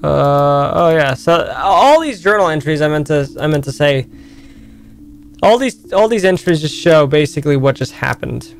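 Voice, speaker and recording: A man's voice: on the high side, expressive, normal speed, gravelly, faint music behind. Streamer man reading a story game. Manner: reads narration, breaks off to thank viewers. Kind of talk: game playthrough, reading story aloud and chatting.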